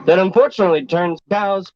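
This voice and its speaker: A man's voice: high voice, a little fast, a little mellow, close to an everyday voice. A man playing a bumbling male local news reporter in a comedy sketch, mock-serious newscaster delivery, on a dull lo-fi recording. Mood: deadpan. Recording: dull lo-fi clip with faint noise.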